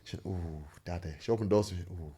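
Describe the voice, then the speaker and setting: A man with a fairly low voice rattles through his stories at a quick clip. He swears freely and acts out what others said to him. It sounds like a relaxed fight-interview chat. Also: breathy edge. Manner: swearing, animated storytelling, acts out quoted people. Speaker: bare-knuckle fighter.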